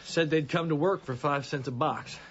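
A man plays a hurt, hunted young farmhand in a radio drama who speaks low and blunt in a tired rural drawl. The recording is slightly dull, with a faint hiss behind him. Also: moderate pace, fairly bright tone, close to an everyday voice. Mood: grim. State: weak and hurt.

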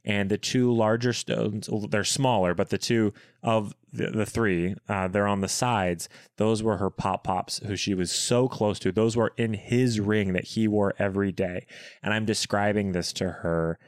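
Smooth-voiced man telling a story. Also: measured pace, no echo, clean studio sound. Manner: animated retelling with high-pitched acted quotes. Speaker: podcast co-host. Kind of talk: casual storytelling chat.

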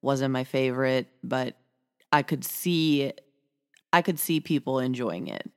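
A low-pitched woman with a Midwestern American accent co-hosts a podcast. She chats casually and frankly, often rambling, her voice deep for a woman. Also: unhurried. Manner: frank, laid-back, rambling. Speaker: podcast co-host. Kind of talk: casual chat.

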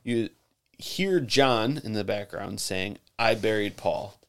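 A man co-hosting a podcast in casual chat, joking with quick asides. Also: lowish voice, a bit bright, smooth. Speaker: podcast co-host.

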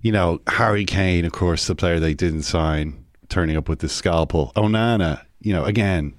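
Guy, lowish voice, dry studio sound, mock-serious review vibe. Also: moderate pace, no room sound. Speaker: podcast host. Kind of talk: casual chat.

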